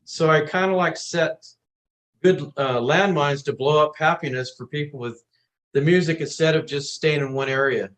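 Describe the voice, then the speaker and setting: A man, a singer-songwriter guest, telling animated anecdotes in a casual interview. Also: on the high side, moderate pace, low-quality recording. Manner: animated anecdotes, acts out quotes.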